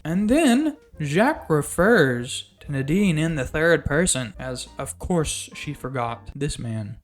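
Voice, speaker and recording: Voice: medium pitch, a little slow. A YouTube reviewer rambling sarcastically through a movie recap and acting out lines from the film. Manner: sarcastic, rambling, animated recap with acted quotes. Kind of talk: casual movie recap vlog. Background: faint background music.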